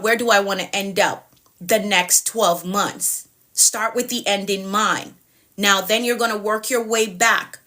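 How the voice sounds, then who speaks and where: A woman's voice: medium pitch, sharp tone. A woman coach talking on a live stream, encouraging, asking repeated questions and greeting viewers by name. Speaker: productivity coach. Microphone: phone or webcam on a live stream.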